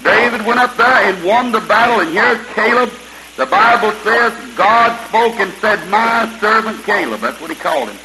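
A man preaching a sermon in a folksy way, retelling scripture stories with lively quoted dialogue. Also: sits high, moderate pace, a little hiss or hum, rough recording. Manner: folksy Southern-style preaching with vivid retold quotes.

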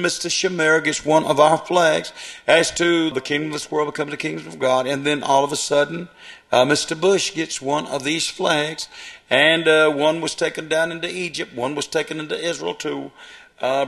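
A man's voice: on the high side, a bit bright. Man preaching and reading scripture. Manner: reads long scripture passages then comments, with hesitations.

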